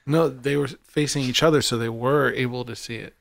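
A young man co-hosting a podcast, throwing in quick deadpan quips in casual chat. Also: mid-range voice, gravelly, a little hiss or hum. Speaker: podcast co-host.

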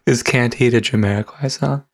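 A man's voice: medium pitch, moderate pace, creaky. A man co-hosting a comedy podcast, reading out news stories in a casual, giggly way and tripping over his words. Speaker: podcast co-host.

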